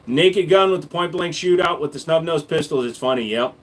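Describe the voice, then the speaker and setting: A man hosts a casual livestream and talks in a slightly high voice. He answers viewers' comments with blunt, profane jokes. His delivery is loose and unscripted banter. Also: a little fast. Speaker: livestream host reading chat.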